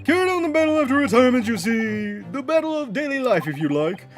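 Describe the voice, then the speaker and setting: A pompous retired army officer, well past his fighting days, booms and swoops through his old-fashioned talk. His voice sits high and lively, as a man puts him on for a game. He speaks with the puffed-up pride of an old soldier. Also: quick pace. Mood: blustering. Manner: blustering, old-fashioned military bluster.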